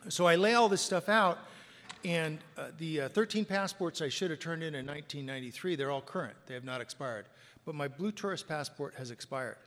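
Middle-aged man, wry self-mocking testimony speaker, somewhat high, bright voice, long hall reverb. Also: a little fast. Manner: wry, self-mocking storyteller who swings from quiet to loud. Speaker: speaker sharing his recovery story. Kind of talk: personal testimony to a live audience.

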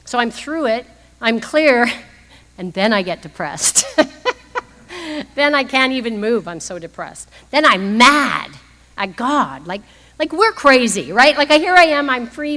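A woman's voice: on the high side, expressive, unhurried, a bit bright. A woman in her fifties sharing a humorous personal story as the speaker at a recovery meeting, laughing often as she talks. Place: meeting hall. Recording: long hall reverb.

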